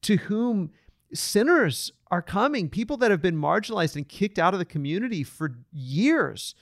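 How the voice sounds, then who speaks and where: A man talks through a Bible question on a podcast, earnest and reflective, often restarting his sentences. His voice sits fairly high. The sound is dry and close. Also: big pitch swings, normal speed, no echo. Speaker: podcast co-host. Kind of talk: casual Bible study discussion.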